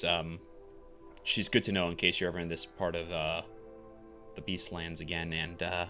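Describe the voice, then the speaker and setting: A man's voice: low voice, level tone, moderate pace, long pauses, bright, forceful tone, soft background music. A man narrating as game master, rambling with many fillers.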